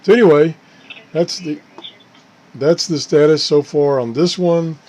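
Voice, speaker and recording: A man's voice: on the high side, measured pace, darkish tone, slight background noise. A man hosting his own channel, talking casually and unscripted about a gadget, often correcting himself and chuckling at his own mishaps. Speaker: channel host reviewing gadgets. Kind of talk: casual unscripted product talk.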